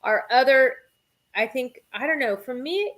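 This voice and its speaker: A woman hosting a casual chat, eager and quick to laugh, with plenty of ums. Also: high-pitched, expressive, fairly bright tone. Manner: enthusiastic, laughs often, many fillers. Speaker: host.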